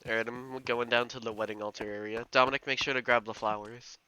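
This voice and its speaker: A man hosting a casual gaming voice chat, playful and quick to laugh, calling friends darling and baby. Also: mid-range voice, fairly even intonation, pushed and bright, smooth. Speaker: server host.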